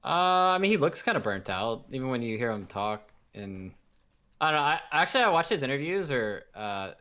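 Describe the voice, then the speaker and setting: An American man and former pro player speaking as a podcast guest, laid-back and halting, swearing casually. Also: mid-range voice, sing-song, bright, forceful tone. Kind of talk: casual esports chat.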